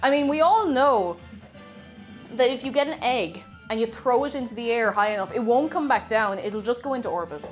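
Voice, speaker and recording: Young woman from Ireland, streamer. Chatty and giggly, voice slightly high, light music in the background. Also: animated, moderate pace. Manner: chatty, giggly, reads chat aloud. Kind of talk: casual live-stream chat while baking.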